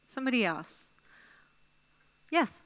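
A woman teaches a Bible study group at a slow, unhurried pace, stopping often to praise answers. Her voice is bright and smooth. She thinks aloud while jotting ideas down. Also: a little high, very animated. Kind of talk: leading a class discussion.

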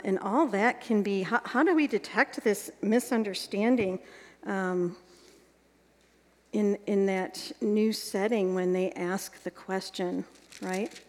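Woman teaching a group in a reverberant hall. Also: medium pitch. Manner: guiding, asks the group checking questions. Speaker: workshop leader teaching Bible exposition. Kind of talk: evening workshop instruction to a group.

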